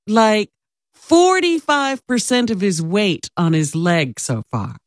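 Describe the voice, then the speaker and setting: A woman's voice: mid-range voice, animated, takes it slowly, no room sound, clean studio sound. A woman co-hosting a radio talk show, reacting with easy amusement.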